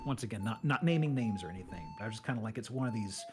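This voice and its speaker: A man chatting as a guest, telling stories in a rambling, animated way with many restarts. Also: fairly low pitch, very fast, over music. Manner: rambling, animated storytelling with laughs. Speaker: guest streamer. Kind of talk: casual chat.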